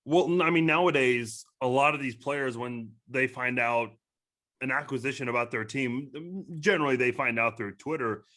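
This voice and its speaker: A man hosting a casual podcast interview, conversational and easygoing. His voice is bright and crisp, at a middle pitch. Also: moderate pace. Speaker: podcast host.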